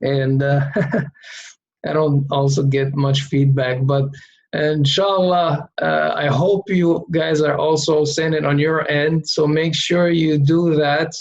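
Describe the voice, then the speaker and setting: A man's voice: a little high, little pitch movement, slow, creaky, dull audio. A man teaching Quran reading in an online lesson, patiently drawing out syllables for students to repeat.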